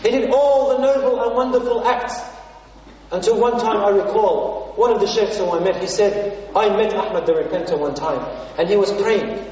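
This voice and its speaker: A man's voice: high-pitched, moderate pace, darkish tone. A preacher from Australia telling an emotional story in a sermon, speaking to his audience as brothers and sisters and mixing in Arabic phrases. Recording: echoey hall, distant mic, dull lo-fi.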